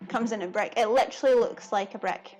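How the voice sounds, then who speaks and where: A woman's voice: mid-range voice, a little fast, a little mellow, faint music behind. A woman chatting casually to her viewers during a live cooking stream, giggling often.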